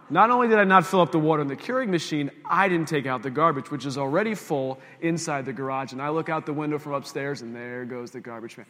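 A man's voice: medium pitch, a little fast, fairly bright tone, big-room sound. A man preaching a conversational sermon, telling a self-mocking story with asides to the congregation. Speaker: pastor.

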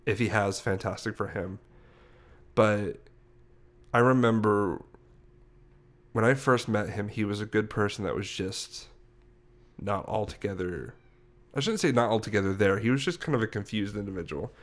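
A man's voice: fairly low pitch, moderate pace, pauses often. A young man co-hosting a podcast, telling a story in a rambling, self-correcting way. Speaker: podcast host. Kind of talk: casual podcast chat.

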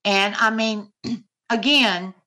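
A middle-aged woman speaks as a podcast guest, recounting a painful family story. Her voice is bright and clear. She talks haltingly and earnestly, with frequent filler words. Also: mid-range voice. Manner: halting, many "you know" fillers, earnest. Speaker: interview guest, mother. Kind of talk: personal account in podcast interview.

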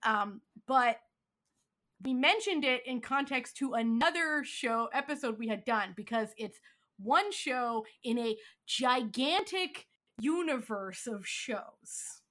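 A woman with a high, bright, sharp voice co-hosts a casual podcast. She tells chatty, self-deprecating stories from her own life. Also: animated, slow. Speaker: podcast co-host. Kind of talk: casual chat.

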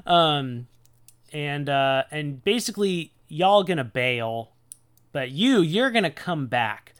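Laid-back slangy male Jesus, as a man retells him, everyday talk, a bit higher. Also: animated, slow, fairly bright tone, smooth. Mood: explaining. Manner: casual modern paraphrase, slangy. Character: weary, plain-talking male Jesus, casually retold.

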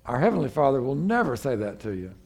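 A man's voice: medium pitch, very animated, quick pace, vocal fry. A man, preaching a sermon as pastor in a folksy, conversational way with frequent restarts.

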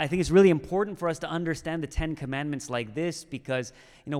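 A man preaching a sermon in a conversational way, checking in with the listeners often. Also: medium pitch. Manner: conversational, with frequent "okay?" and "right?" check-ins. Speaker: pastor. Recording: long hall reverb.

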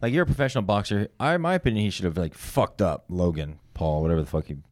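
A man's voice: low voice, rapid-fire, a little mellow, no echo, studio quality. A man in his thirties on a casual podcast, telling rambling stories with a lot of swearing. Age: 30s. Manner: rambling storytelling, heavy swearing. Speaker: podcast co-host.

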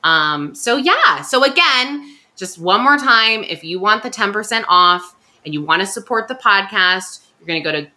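A woman with a Californian Valley Girl accent chats her way through a podcast ad read and banter. Her voice is bright and crisp, and her pitch swoops up and down, with lots of "like" and quick giggles. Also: expressive. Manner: chatty, peppered with "like", giggly. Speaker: podcast co-host. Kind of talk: casual chat and ad read.

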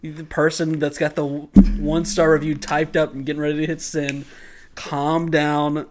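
With a crowd in the background, a man co-hosting a podcast recaps an episode in a casual chat. His voice is on the high side, with flat delivery at a moderate pace. He jokes, laughs often, and pokes fun at himself.

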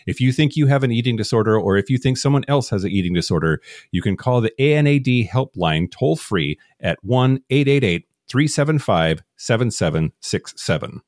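A man's voice: medium pitch, animated, fairly quick, darkish tone, dry recording, clean studio sound. A man co-hosting a casual podcast, chatty, laughing often and talking with fillers and restarts. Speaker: podcast co-host.

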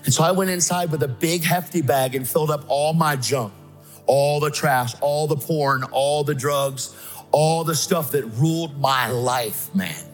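A man preaching an emphatic sermon, telling his own story and acting out voices. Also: a little high. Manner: emphatic, excitable, acts out voices. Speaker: guest speaker preaching. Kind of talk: sermon with personal testimony.

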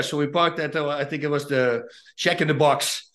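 A middle-aged man with a Dutch accent, a retired fighter telling lively stories as a guest and acting out the voices in them. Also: on the high side, fairly quick. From Netherlands. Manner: animated, acts out voices in his anecdotes. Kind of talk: casual storytelling.

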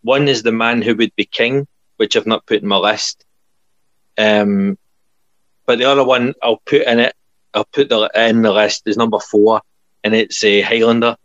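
A man's voice: fairly low pitch, fairly even intonation, moderate pace, a bit bright, no room sound. A man, chatting eagerly about films he loves. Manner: enthusiastic, laughs often, says aye. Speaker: podcast co-host. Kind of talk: casual chat. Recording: dull lo-fi dry sound.

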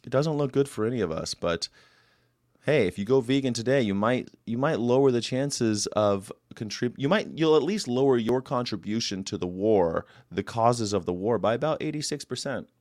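A man's voice: mid-range voice, expressive, moderate pace, a little mellow, no room sound, clean studio sound. A man hosting a casual daily chat show, rambling through history notes with jokey asides and side remarks to viewers. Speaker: host.

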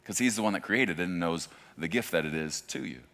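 Pastor guy in his 40s giving a sermon, really low voice, chatty then gets loud. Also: expressive, fairly quick, creaky. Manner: conversational preaching, swings from hushed to loud.

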